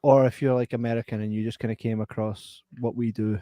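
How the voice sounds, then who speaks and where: A man's voice: medium pitch, little pitch movement, fairly quick, mellow, no echo. A man hosting a casual podcast, joking, swearing freely and reading out listener messages. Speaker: podcast host. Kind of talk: casual chat.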